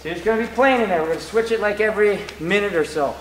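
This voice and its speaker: A man with a fairly high voice explains grappling drills and trades stories while demonstrating. He sounds lively and talkative. The recording comes from a roomy, echoing gym. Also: fast talker. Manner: animated, storytelling, demonstrates moves. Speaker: grappling coach. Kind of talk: mat-side technique instruction. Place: training gym. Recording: echoey gym, background noise.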